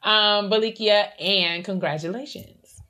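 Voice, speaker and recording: A woman co-hosting a podcast, reading listener letters aloud with animated, affectionate banter. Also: mid-range voice, measured pace. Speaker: podcast co-host.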